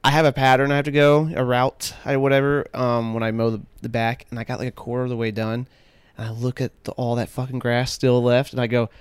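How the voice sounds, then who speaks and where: A man's voice: medium pitch, flat delivery, fairly quick, smooth, no room sound. A man co-hosting a podcast, rambling and swearing casually, laughing as he talks. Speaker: podcast co-host. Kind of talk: casual chat.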